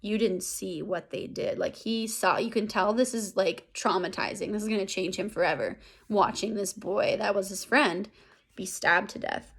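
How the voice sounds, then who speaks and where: A woman's voice: medium pitch, normal speed, a bit bright, husky. A woman English teacher recapping a lesson in a casual, chatty way, full of fillers and tag questions.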